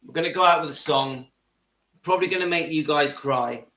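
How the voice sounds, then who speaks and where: A man's voice: fairly high pitch, brisk, pushed and bright, a little hiss or hum. A man hosting his channel, speaking earnestly and with emotion straight to his viewers. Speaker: channel host. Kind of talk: livestream monologue to viewers. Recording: echoey room.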